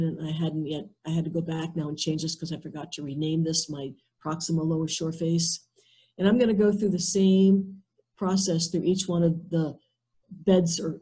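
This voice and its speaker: Husky, flat-voiced woman presenter. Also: deep voice, poor audio. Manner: methodical, thinking aloud step by step. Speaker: workshop presenter. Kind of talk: live software demonstration in an online workshop.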